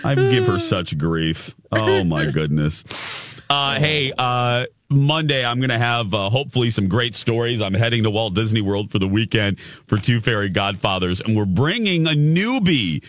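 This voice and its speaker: Guy hosting morning radio, laughs a lot, pitch jumps all over. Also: normal speed, no echo. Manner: laughs often, animated storytelling. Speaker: radio morning show host. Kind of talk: casual radio banter. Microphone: studio microphone.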